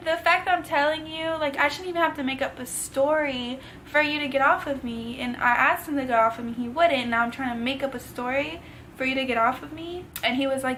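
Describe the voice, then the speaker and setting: A woman's voice: sits high, brisk, fairly bright tone, slight background noise, rough recording. A young woman telling a personal story in a vlog, with casual slang, emotional and tearful at times. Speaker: vlogger.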